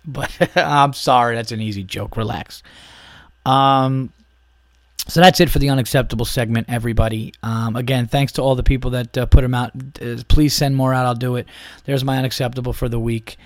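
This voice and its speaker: A man's voice: mid-range voice, steady tone, brisk, no echo. A man hosting a podcast, ranting in a casual, profane, exasperated way with many restarts. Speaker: podcast host.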